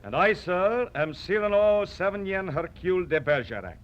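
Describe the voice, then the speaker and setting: A man's voice: high voice, animated, moderate pace, muffled recording. An actor playing a proud, mocking poet swordsman with a huge nose, declaiming in theatrical old radio-drama style. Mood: scornful. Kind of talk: vintage radio drama acting.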